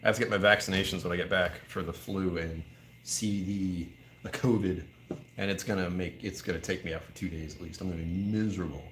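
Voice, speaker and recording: An American man hosts a whiskey livestream indoors at a whiskey bar, chatting casually, joking and reading viewer comments. His voice is low-pitched, steady and fairly bright, a little fast, with a slight hiss or hum in the recording.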